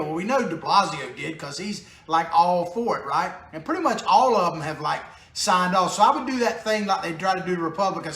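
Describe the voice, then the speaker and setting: A man's voice: sits high, animated, normal speed, few pauses, sharp tone. A man hosting a political commentary show in a small home studio, talking casually with sarcastic jokes and frequent chuckles. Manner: joking, sarcastic asides, chuckles often. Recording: roomy echo in a small studio.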